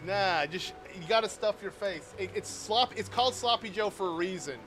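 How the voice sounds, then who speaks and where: Young male streamer, slightly high voice, loose rambling chat with viewers, game music underneath. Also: moderate pace. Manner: rambling, chatty, answers chat aloud with sudden loud outbursts. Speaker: livestreamer playing a game.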